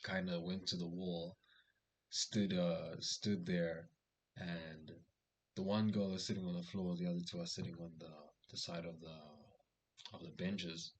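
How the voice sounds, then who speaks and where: A man's voice: low voice, unhurried, a little hiss or hum, rough recording. Young man rambling through a story. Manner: rambling, many fillers and restarts; lively quoted dialogue in story. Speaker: vlogger giving social advice. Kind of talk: casual storytelling.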